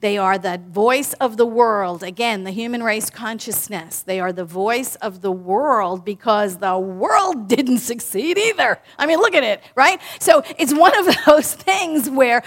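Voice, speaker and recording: A woman minister giving a sermon, animated and playful, talking directly to her congregation. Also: a little high, a little slow, hardly any pauses. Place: in front of a live congregation.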